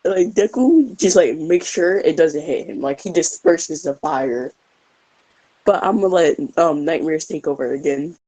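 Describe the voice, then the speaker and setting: A young woman improvises a fan story in a loose, rambling way. Her voice sits slightly low for a woman. She leans on fillers as she goes and keeps it casual throughout. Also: lively intonation, measured pace, mellow, poor audio.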